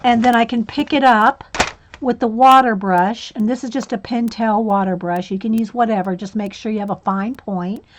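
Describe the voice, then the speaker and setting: A woman walks viewers through a coloring project in a relaxed livestream style. She talks in a chatty way, giggles often and fills pauses with ums. Her voice sits a little high. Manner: chatty, giggly, with frequent fillers. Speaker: coloring channel host. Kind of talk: casual livestream tutorial.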